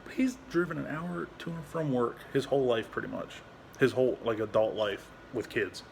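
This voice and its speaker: A young adult man, a veteran, talking candidly at home into his phone, frustrated and halting, swearing a lot and restarting his sentences. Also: medium pitch, steady tone, vocal fry, a little hiss or hum. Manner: frustrated, rambling, heavy swearing. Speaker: veteran vlogger. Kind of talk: candid personal vlog.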